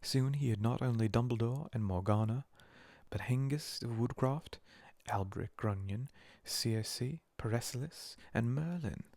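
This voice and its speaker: A man reading a storybook aloud as a whispered role-play, slow and soothing. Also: medium pitch, darkish tone, no room sound. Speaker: narrator.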